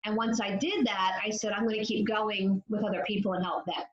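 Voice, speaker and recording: A woman's voice: medium pitch, steady tone, fairly quick. A woman guest on a podcast, explaining addiction with confidence. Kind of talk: podcast interview. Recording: echoey room, dull lo-fi sound.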